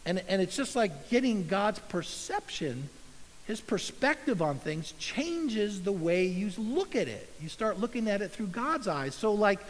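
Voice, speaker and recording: A pastor preaching a sermon, earnest and conversational, acting out little asides and inner dialogue. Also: male voice, high voice, sing-song, measured pace, long reverb tail, poor audio.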